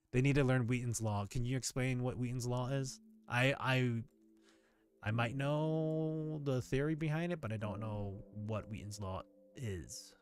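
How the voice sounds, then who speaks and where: Guy ranting on his stream, swears a lot, rambles, middle pitch voice. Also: a little slow, faint music behind. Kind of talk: casual live-stream chat.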